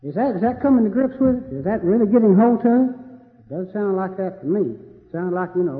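A man's voice: sits high, lively intonation, a little fast. A man giving a folksy, joking debate speech that circles back on itself and repeats phrases. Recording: tinny lo-fi audio in a reverberant hall.

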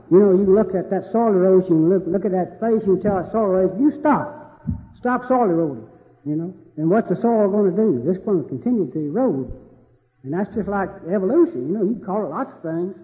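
High-pitched guy, folksy joking debate talk, tinny recording in a big echoey hall. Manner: folksy, joking, repeats himself. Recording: tinny lo-fi audio in a reverberant hall.

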